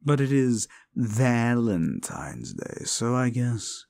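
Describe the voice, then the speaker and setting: A man voicing a condescending male demon in an audio drama role-play, sneering and contemptuous, with dark laughs. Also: mid-range voice, big pitch swings, slow pace, gravelly, heavily acted. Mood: scornful.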